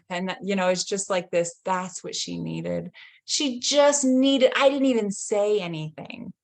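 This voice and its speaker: A woman in her thirties, a healing coach, talking gently and reflectively and sharing a story from her own family life. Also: mid-range voice. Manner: gentle, reflective, laughs lightly between thoughts. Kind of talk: casual teaching talk with personal story.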